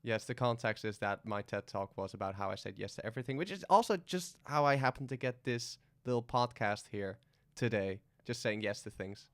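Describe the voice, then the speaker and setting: A man's voice: fairly low pitch, lively intonation, brisk, hardly any pauses, a bit bright. Man hosting a casual chat. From Netherlands. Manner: curious, teasing questions. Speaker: podcast host.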